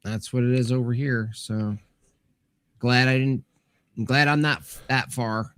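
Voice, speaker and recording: A male co-host chatting on a livestream, animated and giggly as he spins out ideas. His voice sits at a middling pitch in a dry, close recording. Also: measured pace, clean tone, no room sound. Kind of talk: casual livestream chat.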